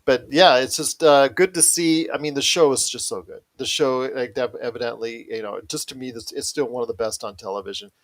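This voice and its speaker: A man's voice: mid-range voice, fairly even intonation, fairly quick, few pauses. A man hosting a podcast, chatting casually and enthusiastically, often repeating himself. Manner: enthusiastic, repetitive. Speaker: podcast host. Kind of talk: casual chat.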